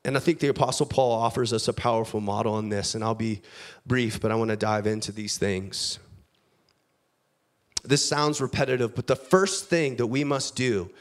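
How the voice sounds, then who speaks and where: A man preaching a sermon, reading scripture aloud, with big swings between loud, lifted passages and quiet, low asides. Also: fairly even intonation, normal speed. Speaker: pastor.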